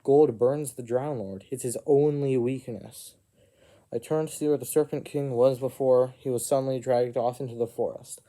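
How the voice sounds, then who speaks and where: A man narrates an improvised fantasy adventure in the first person. His voice is mellow and soft-edged, and he keeps breaking off for asides and self-corrections. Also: medium pitch, steady tone, moderate pace. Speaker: storyteller.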